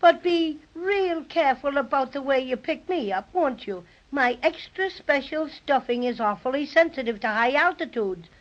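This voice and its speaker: The Cinnamon Bear, a boastful toy bear. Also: female voice, sits high, animated, normal speed, hardly any pauses. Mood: chirpy. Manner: chirpy, brags then panics. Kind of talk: 1930s radio drama acting. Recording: dull lo-fi old radio recording.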